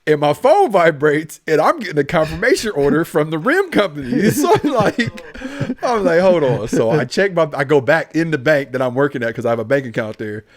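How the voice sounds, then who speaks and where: A man's voice: fairly high pitch, big pitch swings, brisk, hardly any pauses. A young adult man, a police officer, telling a story in a casual podcast chat and acting out both sides of each exchange.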